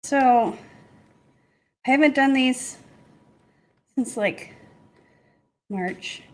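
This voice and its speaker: High-voiced chatty woman painting live. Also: drawn-out words, a little hiss or hum, low-quality recording. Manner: chatty, laughs often, self-teasing. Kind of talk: casual live-stream demo chat.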